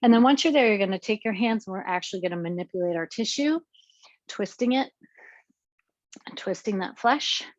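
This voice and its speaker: A woman's voice: mid-range voice, lively intonation, moderate pace, pauses often, no room sound, highs cut off. Woman cueing an exercise class. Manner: cueing moves while exercising, counting reps. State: slightly out of breath. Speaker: fitness instructor.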